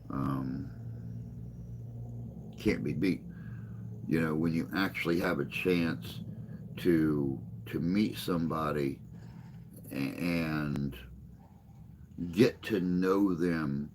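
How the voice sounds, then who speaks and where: A man hosts a relaxed morning live stream and talks straight to his viewers. His voice sits very deep and low, and he takes his time, drifting from one joke to the next while he answers their messages. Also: slight background noise. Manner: rambling, joking, reads and answers chat. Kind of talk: casual chat with live chat viewers.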